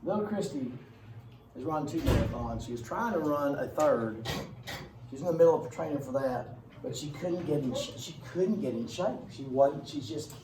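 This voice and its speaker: A man's voice: a little high, animated, moderate pace, background noise. A male history teacher giving a casual classroom lecture, rambling with joking asides. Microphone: far camera. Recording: echoey room from far off.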